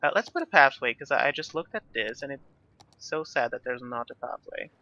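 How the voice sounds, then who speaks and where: Chatty bright-voiced young man gaming. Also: mid-range voice, lively intonation, a little fast, highs cut off. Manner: chatty, self-deprecating, rambling asides. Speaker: gaming YouTuber. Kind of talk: casual gameplay commentary.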